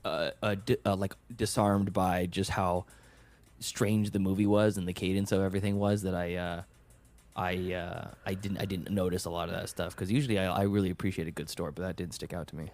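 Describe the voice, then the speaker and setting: A man hosting a podcast, musing over a film in a halting, thoughtful way, full of restarts. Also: sits low, level tone, darkish tone. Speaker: podcast host. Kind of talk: casual film review chat.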